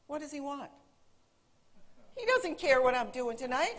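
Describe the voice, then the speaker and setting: A woman in her forties speaks from a stage in a large auditorium, teaching about the language. Her voice sits a little high. She tells stories with lively swings up and down. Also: moderate pace. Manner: animated storytelling, quoting her son in a put-on teen voice. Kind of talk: conference talk to a live audience.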